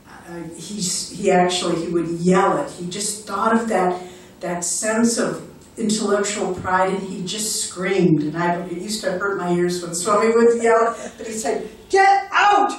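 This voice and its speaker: Older woman, spiritual talk, earnest storytelling, lowish voice, far off in a very echoey hall. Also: fairly even intonation, unhurried. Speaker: spiritual director. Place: lecture hall.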